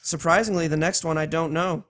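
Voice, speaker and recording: A man's voice: fairly high pitch, steady tone, fairly quick, a bit bright. A man hosting a podcast, chatting casually and playfully while running through a list of accents. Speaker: podcast host.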